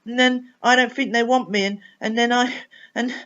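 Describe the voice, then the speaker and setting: A woman's voice: fairly high pitch, fairly even intonation, moderate pace, a bit bright, natural voice. A woman voicing a small childlike anger creature that complains in a rambling, stammering way. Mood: aggrieved. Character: sulky little anger creature, childlike and tearful. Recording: dull lo-fi recording.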